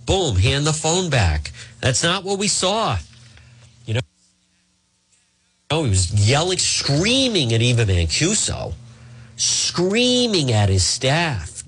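Male talk radio host, combative political commentary, lively swinging delivery. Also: a little high, a little slow, husky. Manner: combative, emphatic, sarcastic.

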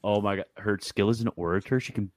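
A man's voice: on the low side, steady tone, fast talker, no room sound. A man hosting a casual group chat, reading aloud from his screen and reacting bluntly with frequent laughs. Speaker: host.

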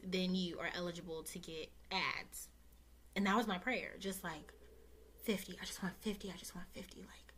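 Young woman podcast host, casual and heartfelt, near tears, talks right to her listeners. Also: mid-range voice. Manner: emotional, close to tears, talks warmly and directly to listeners with many fillers.

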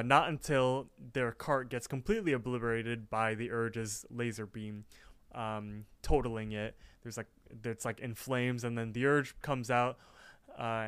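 A man's voice: mid-range voice, a bit bright, smooth, no room sound. A man co-hosting a podcast over a voice call, recapping a cartoon episode in a chatty way with jokey asides. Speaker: podcast co-host. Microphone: online voice call.

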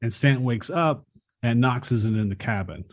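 A man's voice: mid-range voice, moderate pace. A man co-hosting a podcast, casually recapping a movie plot in a rambling way. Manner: rambling, retells scenes with acted quotes. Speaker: podcast co-host.

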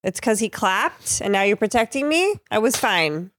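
A woman's voice: medium pitch, sing-song, normal speed, a bit bright, no room sound, clean studio sound. A woman co-hosting a podcast in casual chat, laughing a lot and chatting freely. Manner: laughing, chatty, talks to her dog. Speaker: podcast co-host.

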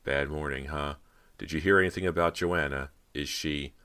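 A man's voice: rumbling low, fairly even intonation, moderate pace, sharp tone. A man voicing a frightened teenage girl in an audiobook, with anxious, breathless outbursts. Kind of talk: audiobook dialogue.

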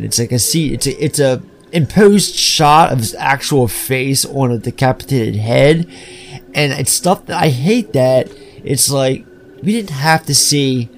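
Brief: podcast co-host, gravelly voice, blunt and animated, swears freely. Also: male voice, medium pitch, a little hiss or hum. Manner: animated, profane, acts out scenes. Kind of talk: casual film review chat.

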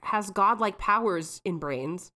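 A woman's voice: medium pitch, animated, slow, pushed and bright. A woman co-hosts a casual podcast and chats about a film's plot. She talks freely and keeps adding joking asides and comparisons. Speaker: podcast co-host. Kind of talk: casual movie recap chat.

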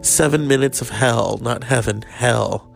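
Very gravelly voice, middle pitch, casual gossipy storytelling, faint music behind. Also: measured pace. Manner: animated, gossipy, acts out quotes. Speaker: host.

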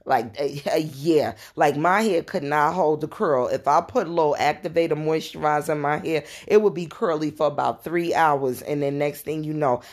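Low-voiced chatty New woman. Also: moderate pace, hardly any pauses. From New York. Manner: chatty, animated, laughing asides. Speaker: podcast host. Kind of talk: casual storytelling.

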